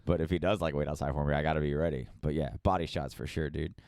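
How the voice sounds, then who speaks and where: A man's voice: a bass voice, steady tone, quick pace, darkish tone, clean tone, no room sound. Man, from the kansas city area, stand-up comedian, casual podcast chat, laid-back slangy storytelling, dry close-miked sound. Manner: laid-back storytelling, says "dude" and "bro" a lot. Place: podcast room with brick walls.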